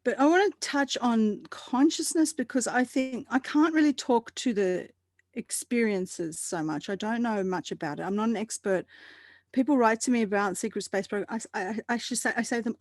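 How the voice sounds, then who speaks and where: Woman, fairly high voice, animated, laughs a lot, dry close sound. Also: moderate pace, no room sound. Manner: animated, laughs often, talks through restarts. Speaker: roundtable guest. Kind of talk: casual chat.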